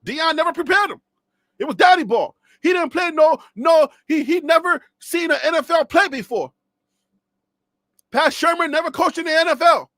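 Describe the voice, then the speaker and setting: Fired-up high-pitched man ranting live. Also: moderate pace, no echo, clean studio sound. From Liberia. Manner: animated, mocking, swings from low asides to shouting. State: losing his voice. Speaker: sports commentator. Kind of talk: live-stream sports rant.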